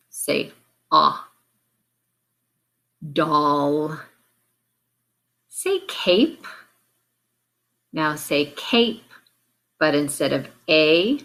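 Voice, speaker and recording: A woman teacher running a phonics drill, giving patient, clearly stretched-out word prompts. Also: deep voice, lively intonation, drawn-out words, long pauses. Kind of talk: slow, deliberate classroom drill.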